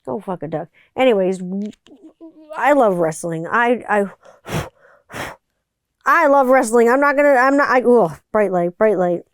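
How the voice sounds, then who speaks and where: A middle-aged woman hosting her own podcast, her voice sitting a little high and sounding smooth and clear. She rambles with boisterous energy, swears freely and keeps breaking off her own sentences to start again. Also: animated, measured pace, long pauses, no echo, studio quality. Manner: exuberant, profane, rambling, self-interrupting. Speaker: podcast host. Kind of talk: casual solo podcast chat.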